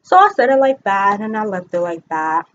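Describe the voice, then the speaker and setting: A young woman talking casually to the camera, telling a story in a lively way, full of fillers like "like" and "you know," and acting out what others said. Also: mid-range voice, moderate pace, dull audio, slight background noise. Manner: animated, frequent fillers, voices others in quotes. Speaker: vlogger.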